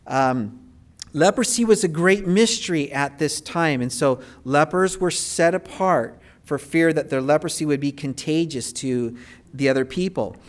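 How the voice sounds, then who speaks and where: A male pastor delivers a sermon in a relaxed, storytelling way, with fillers and rising bursts of emphasis. His voice sits somewhat high for a man. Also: measured pace.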